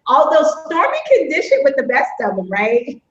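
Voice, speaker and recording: An upbeat woman with a fairly high voice, hosting a live stream in a chatty, folksy way. The sound is echoey and a bit muffled, like a live stream recorded in a reverberant room. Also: wildly swooping pitch, normal speed. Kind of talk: casual live-stream chat.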